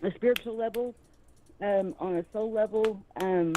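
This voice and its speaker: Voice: medium pitch, moderate pace, mellow, slight background noise, rough recording. Show guest, rambling, um and you know, casual. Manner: rambling, full of fillers. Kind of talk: casual chat.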